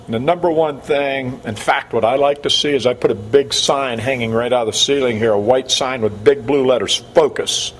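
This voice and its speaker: A man's voice: mid-range voice, fairly quick, hardly any pauses. Emphatic male bowling coach. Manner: energetic, emphatic, repeats key words. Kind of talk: coaching instruction.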